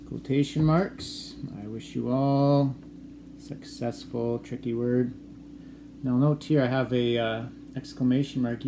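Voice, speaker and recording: A male teacher from Canada leads a dictation lesson, speaking in an even, middle-pitched voice and reading each sentence slowly and clearly, more than once. A steady hiss of noise sits under the recording. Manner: slow, clearly dictated phrasing, repeating sentences.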